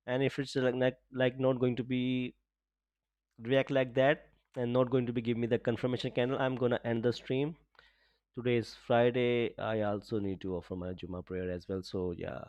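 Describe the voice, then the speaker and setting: A man hosting a live forex trading stream, talking through charts in a casual way, leaning on the filler "just, like" and breaking into excited exclamations. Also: mid-range voice, no room sound. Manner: peppers speech with "just, like", frequent excited exclamations. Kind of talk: live-stream market commentary.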